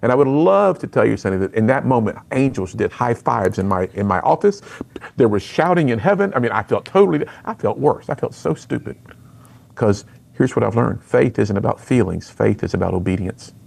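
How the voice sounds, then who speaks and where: A man's voice: mid-range voice, lively intonation, fairly quick, gravelly, a little mellow. A middle-aged man, a speaker and author, telling his personal story earnestly in an interview.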